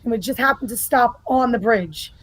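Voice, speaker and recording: A woman's voice: on the high side, moderate pace, a bit bright, breathy edge, no room sound, poor audio. Blunt New York woman. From New York, Bronx. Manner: blunt, profane storyteller. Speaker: guest. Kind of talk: casual podcast chat.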